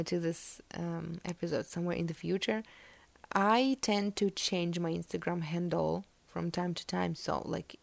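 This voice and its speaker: Soft gravelly woman reading tarot. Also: lowish voice, no echo. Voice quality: gravelly, soft near-whispered stretches. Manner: rambling with many fillers, self-correcting. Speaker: tarot reader podcast host. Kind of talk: casual spoken tarot reading.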